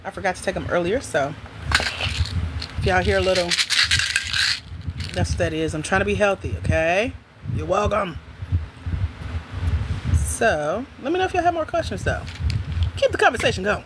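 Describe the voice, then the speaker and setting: A woman hosting a livestream from home, chatting casually with viewers in an animated way and laughing often. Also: mid-range voice, normal speed, long pauses, noisy background. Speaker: livestream host.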